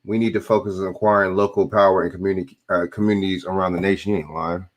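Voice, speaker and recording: A man's voice: sits low, level tone, quick pace. A man hosting a stream, giving blunt, profane commentary on clips and repeating himself as he answers chat. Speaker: streamer host reacting to clips. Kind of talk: casual opinionated commentary.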